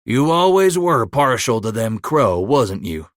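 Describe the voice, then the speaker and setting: A man voicing a gruff, hospitable old mountain man, hollering in a folksy frontier drawl. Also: mid-range voice, very animated, a little slow, no echo, studio quality, pitched above the performer's own voice. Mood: hearty.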